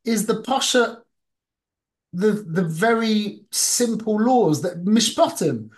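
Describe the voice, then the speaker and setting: A man's voice: high-pitched, animated, slow pace. Man teaching a casual Torah class. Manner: conversational, peppered with Hebrew and Yiddish terms; asks the listeners questions. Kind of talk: informal Torah class to a small group.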